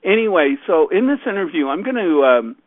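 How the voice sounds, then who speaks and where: A man's voice: high voice, very animated, fairly quick, dry recording. A man hosting a radio show, chatting casually and rambling with plenty of fillers. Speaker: radio host. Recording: tinny phone-like, dry.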